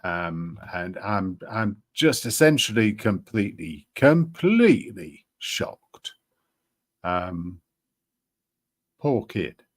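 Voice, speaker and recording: Slow, halting man streaming live. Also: deep voice, expressive. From Britain. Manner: halting, many ums and restarts. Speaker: livestream host. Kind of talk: casual live-stream commentary.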